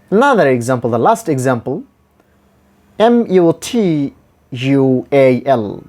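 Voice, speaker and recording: A man whose first language is Bengali gives a slow, deliberate English pronunciation lesson in a fairly high, sing-song, slightly mellow voice. He spells words out letter by letter, then repeats each with careful, drawn-out syllables.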